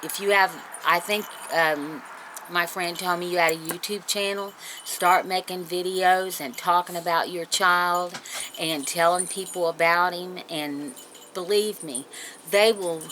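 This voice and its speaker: A woman's voice: fairly low pitch, steady tone, a little slow, pushed and bright, rough recording. A woman talking tearfully and earnestly to her viewers, consoling and encouraging them in a heartfelt personal talk. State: crying. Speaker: vlogger. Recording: noticeable background noise.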